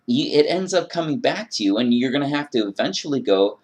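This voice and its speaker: Man, earnest and emphatic, monologue rant on faith, mid-pitched voice. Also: animated, fairly quick. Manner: earnest, emphatic, with quoted inner prayers. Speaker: video blogger.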